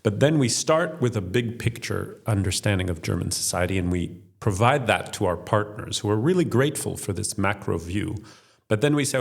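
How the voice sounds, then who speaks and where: A man with a gravelly, creaky voice gives structured interview answers, walking through his points one by one. His voice sits a little low. He speaks as the head of a think tank. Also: animated, moderate pace. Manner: structured, explanatory, lists points in order. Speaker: think tank chief executive, podcast guest.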